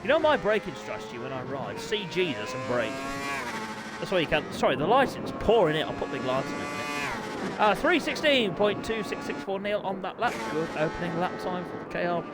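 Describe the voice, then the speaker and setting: A middle-aged man, hosting and commentating a motorbike racing game live, excitable and quick to break into shouts and laughter. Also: high-pitched, loud music behind the voice. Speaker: gaming channel host and race commentator.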